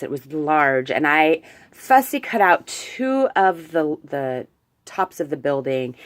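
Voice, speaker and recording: A woman's voice: deep voice, dry recording. A woman chatting casually as she shows off a handmade craft album, gushing and correcting herself as she goes. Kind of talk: casual show-and-tell vlog.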